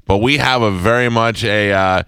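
A man's voice: fairly low pitch, moderate pace, pushed and bright, clean tone, no echo, studio quality. A man in his forties from New York hosting a morning radio show, joking and telling laid-back stories. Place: radio studio.

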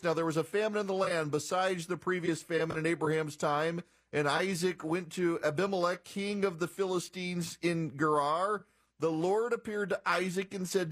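A man hosting a political radio talk show, with a voice pitched a little high for a man. He reads passages aloud and breaks off into sarcastic, incredulous commentary. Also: steady tone, moderate pace.

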